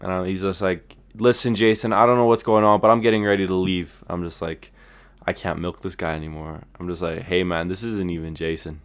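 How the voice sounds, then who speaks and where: Animated young man telling a story. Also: sits low, brisk. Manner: animated storyteller, laughs often, acts out voices in quotes. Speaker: podcast host. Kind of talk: casual chat, telling a story.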